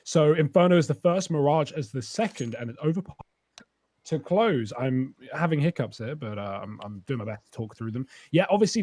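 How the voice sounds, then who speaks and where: A man's voice: fairly high pitch, a little mellow, no echo. A man giving analytical color commentary on an esports match, talking through stats and strategy with frequent fillers.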